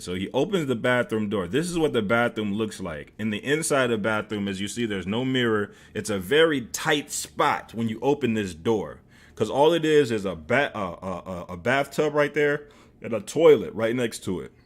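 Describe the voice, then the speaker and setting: A man streaming, telling a story in a casual, profane way with lots of fillers. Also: mid-range voice. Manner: animated, profane, many fillers.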